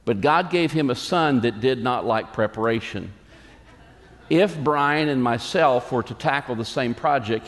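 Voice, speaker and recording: A middle-aged man delivers a sermon as pastor, driving points home with repeated phrases and quoting imagined excuses. His voice sits at an ordinary pitch for a man. It rings out in a church hall with a long reverb trailing each line. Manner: emphatic preaching with repeated phrases and quoted asides.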